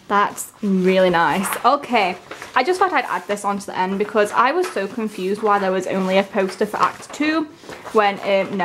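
A young woman, chatting casually and gushing with excitement as she unboxes albums. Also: mid-range voice, noisy background. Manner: gushing, excitable, breaks into gasps and soft whispers.

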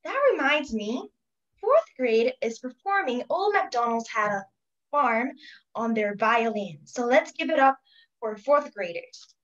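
A woman's voice: fairly high pitch, animated, measured pace, fairly bright tone. A woman hosting a school show in a comic skit, playful in her delivery. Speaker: show host. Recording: dull, lo-fi audio.

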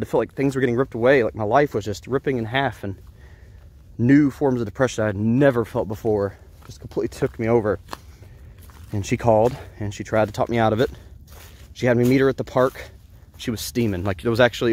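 A man's voice: mid-range voice, darkish tone. A man telling a personal story in an earnest, rambling way, often restarting his sentences. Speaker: vlogger.

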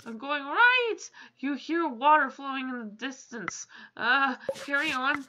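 A woman's voice: high-pitched, expressive, unhurried, noisy background. A woman playing a game on video, reading its text aloud and breaking off with swearing and exasperated asides. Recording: game music under the voice.

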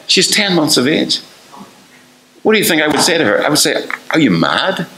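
A man's voice: a little high, lively intonation, a little fast, echoey room, heavy background noise. An older man preaching a fervent sermon, asking the listeners one rhetorical question after another and acting out the voices he quotes.

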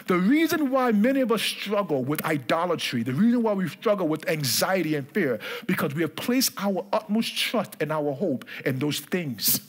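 A man's voice: high voice, sing-song, moderate pace, hardly any pauses. A male pastor preaching a sermon in church, emphatic and repetitive, calling on the congregation to answer.

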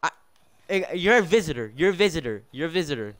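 A man's voice: on the high side, very animated, fast, a bit bright. A man live-streaming and running a game server, exasperated and scolding his players while laughing often. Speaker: livestreamer running a Minecraft server. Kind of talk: casual live-stream commentary.

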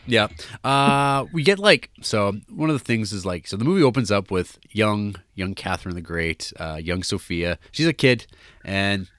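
A fairly low, smooth, fairly bright male voice, animated and at normal speed, co-hosts a podcast with a rambling, casual film chat full of fillers and restarts. The sound is clean studio audio without echo.

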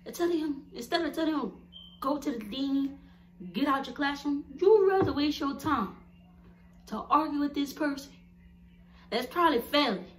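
Young woman, casual vlogger; higher voice, animated, blunt, laughs a lot; faint background noise. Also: moderate pace, long pauses. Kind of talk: casual storytelling to viewers.

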